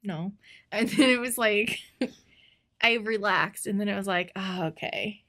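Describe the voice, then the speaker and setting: A young woman telling a story in casual podcast chat, animated and giggly, with lots of fillers. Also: medium pitch, unhurried. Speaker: podcast co-host.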